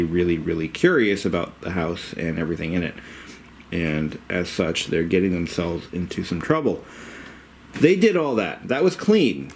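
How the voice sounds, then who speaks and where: A man's voice: deep voice, a little hiss or hum. A man talking casually through a home renovation job in his basement, rambling, frank and a little profane. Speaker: DIY home renovation vlogger. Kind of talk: casual rambling how-to talk.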